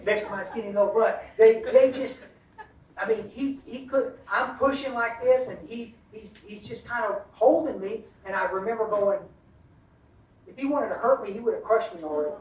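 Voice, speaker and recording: A man's voice: high-pitched, normal speed. A middle-aged man with a drawl tells a rambling, folksy story at a recovery meeting and often laughs at himself. His voice carries through a roomy hall and is picked up from a distance. The sound is a little dull and muffled.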